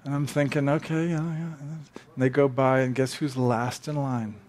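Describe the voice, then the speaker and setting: A man's voice: medium pitch, fairly even intonation, moderate pace, darkish tone. A man preaching a sermon, telling stories conversationally and acting out quotes with animation. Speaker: pastor. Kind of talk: sermon with storytelling.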